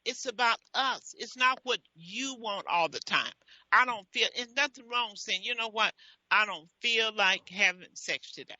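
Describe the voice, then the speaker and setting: A woman radio host with a very bright, sharp voice who talks bluntly and preaches frank advice. The sound is dry and a bit muffled, like a call-in radio show. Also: on the high side, animated, normal speed, no room sound. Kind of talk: casual advice talk.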